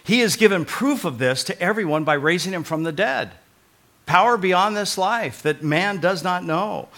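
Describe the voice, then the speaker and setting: A male pastor preaching a sermon in a conversational way, moving between loud emphatic points and quiet, earnest pleading, often repeating short phrases. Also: high voice, animated, normal speed.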